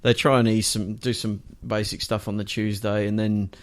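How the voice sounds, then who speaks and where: A man's voice: lowish voice, flat delivery, moderate pace. An Australian man, a guest podcast co-host, chatting in an easygoing, joking way. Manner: easygoing, joking, laughs often. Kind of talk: casual chat.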